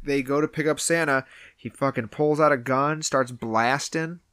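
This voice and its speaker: A podcast co-host in casual movie review chat, retelling scenes in an animated way. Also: mid-range voice, normal speed, clean tone, no room sound, clean studio sound.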